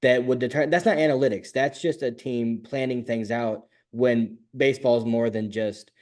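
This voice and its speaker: A man co-hosting a sports talk podcast, rattling off quick, firm opinions in casual chat. His pitch sits in a middle range, and he keeps up a brisk pace. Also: fairly even intonation, a little mellow. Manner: fast, opinionated, jumps into high mocking voices. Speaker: podcast co-host.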